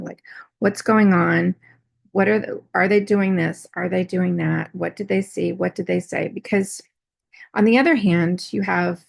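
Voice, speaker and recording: Gravelly breathy woman rambling a story. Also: fairly low pitch, dry recording. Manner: rambling, many fillers and restarts. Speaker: artist vlogger. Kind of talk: casual personal storytelling.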